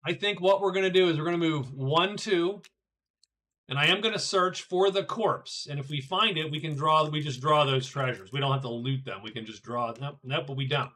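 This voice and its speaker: A man's voice: fairly high pitch, moderate pace, bright, forceful tone. A middle-aged man streaming a solo board game, chatting casually with viewers as he thinks aloud, often stumbling and repeating words. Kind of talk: casual live-stream chat while playing a board game.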